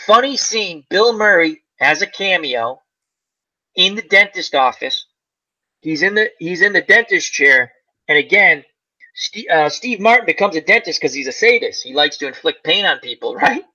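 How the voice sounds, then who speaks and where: A man hosts a casual chat about old comedies, acting out scenes with a laugh. His voice sits high and swings widely in pitch. It has a very bright, slightly husky edge. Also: normal speed, muffled recording. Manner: animated, acts out movie lines with laughing. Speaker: channel host.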